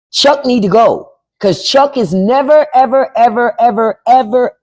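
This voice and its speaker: Blunt, lively-voiced woman livestreamer. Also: medium pitch. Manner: blunt, profane, repeats herself for emphasis; reads out chat and spells names. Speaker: podcast host. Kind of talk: casual live-stream chat.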